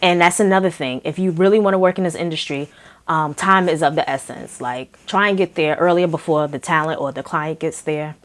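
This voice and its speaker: Chatty low-voiced young New woman. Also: brisk. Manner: chatty, animated, acts out dialogue with laughs. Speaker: makeup artist and vlogger. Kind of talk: casual storytelling.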